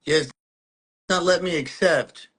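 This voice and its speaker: A man hosting a podcast, chatting in an excited, slangy way over a video call. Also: on the high side, slow pace, faint music behind. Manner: excited, slangy, calls guest bro. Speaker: podcast host. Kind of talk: casual chat.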